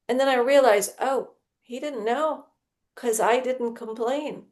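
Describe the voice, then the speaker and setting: A woman's voice: fairly high pitch, measured pace, darkish tone. A woman speaking in conversational podcast talk, telling her story expressively and acting out past conversations.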